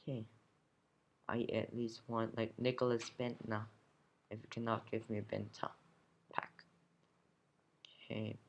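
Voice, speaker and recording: A man's voice: lowish voice, level tone, measured pace, gravelly, long pauses, dull audio, slight background noise. A teenage boy commenting casually on his game, grumbling and swearing, sometimes dropping to a whisper, recorded at home. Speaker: gamer opening card packs.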